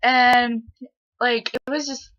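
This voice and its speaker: A woman's voice: a little high, fairly even intonation, slow pace, fairly bright tone. A teenage girl in her bedroom retelling a story to her camera in a rambling, casual way, full of fillers and quoted back-and-forth. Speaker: vlogger. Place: own bedroom, indoors. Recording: dull lo-fi home recording.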